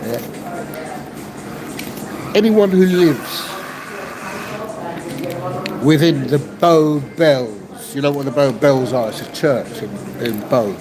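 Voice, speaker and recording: A man's voice: medium pitch, slow, crowd noise. A man in his fifties from East Central London with a Cockney accent, ranting in a casual podcast monologue and often asking "yeah?" at the end of a point. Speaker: podcast host. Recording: noisy, with vehicle sounds behind.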